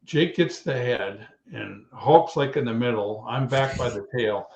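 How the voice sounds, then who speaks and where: A man in his sixties, a retired wrestler guest, telling rambling, animated road stories and acting out what others said. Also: mid-range voice, unhurried, creaky, slight background noise. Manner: rambling, animated storyteller who acts out quotes. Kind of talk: anecdotal storytelling. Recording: echoey, dull remote call audio.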